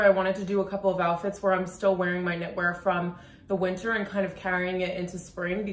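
A woman vlogger chatting casually through her outfits on a lunch break, talking quickly with a lot of "like" fillers. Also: medium pitch. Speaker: fashion vlogger. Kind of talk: casual outfit walkthrough to camera. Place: room at home during a work lunch break. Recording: roomy echo.

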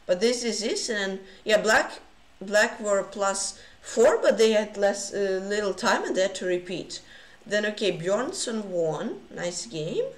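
Excitable woman streaming chess, roomy echo. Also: mid-range voice, a little slow, slight background noise. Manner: excitable, frequent gasps and exclamations. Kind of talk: casual livestream commentary.

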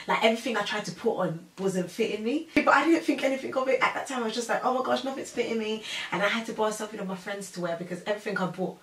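Young woman, low-pitched, animated casual storyteller; roomy recording from a distance. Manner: animated, chatty, full of fillers and acted-out quotes. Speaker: storyteller guest. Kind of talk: casual chat. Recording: roomy sound from a distant mic.

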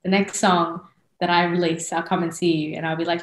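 A woman's voice: on the low side, level tone, fairly quick, reverberant, rough recording. A singer-songwriter woman in her thirties, from Australia, chatting casually as a podcast guest and laughing often.

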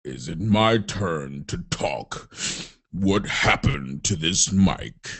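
Palpatine, deep and sinister. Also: male voice, lively intonation, slow, gravelly, slightly rough, exaggerated voice. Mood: menacing. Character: sinister old male galactic senator, menacing.

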